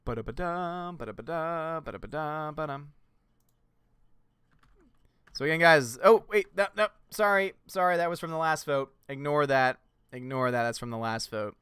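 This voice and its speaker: A man's voice: on the high side, brisk, fairly bright tone, clean tone, dry recording. A man with a Southern US accent hosting a casual livestream, playful and joking with his viewers. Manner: playful, joking, laughs often. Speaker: livestream host.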